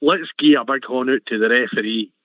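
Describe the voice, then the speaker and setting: This is an older Scottish man on a football phone-in, rambling and boisterous with dark jokes. His voice sits at an ordinary pitch, and the phone line is thin and tinny. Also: a little fast, dry recording. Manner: rambling, boisterous, darkly joking. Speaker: caller. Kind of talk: casual football phone-in chat.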